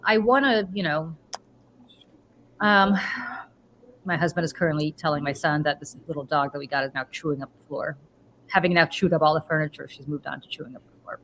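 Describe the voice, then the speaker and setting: Middle-aged woman telling an animated story. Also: low-pitched, fast, crowd noise, rough recording. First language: Russian. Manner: animated storyteller, acts out her own reactions. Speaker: podcast host. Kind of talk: casual chat. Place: home.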